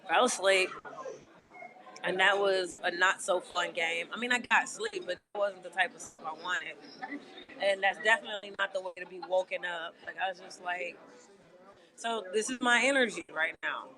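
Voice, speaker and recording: A woman's voice: fairly low pitch, normal speed. A woman livestreaming from a diner, venting angrily and swearing a lot in a casual, fed-up way. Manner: angry, profane venting. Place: inside a busy diner. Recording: noisy diner crowd behind. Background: restaurant crowd chatter.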